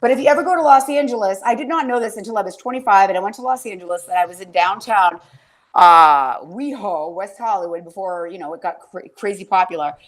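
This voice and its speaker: A woman's voice: mid-range voice, fast talker. A woman hosting a casual podcast chat, rambling through stories, swearing freely and getting emotional. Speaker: podcast host.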